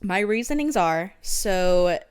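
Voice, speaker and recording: A woman's voice: medium pitch, animated, takes it slowly, smooth, dry recording. A young woman co-hosting a casual book podcast, reading quotes aloud and laughing often as she shares theories. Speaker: podcast co-host. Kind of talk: casual book-discussion chat.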